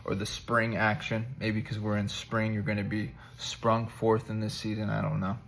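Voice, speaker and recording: A man's voice: lowish voice, completely flat delivery, moderate pace, gravelly, a bit bright, slight background noise. A man giving a rambling, conversational devotional talk to his viewers, joking at himself as he encourages them. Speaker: vlogger giving spiritual encouragement.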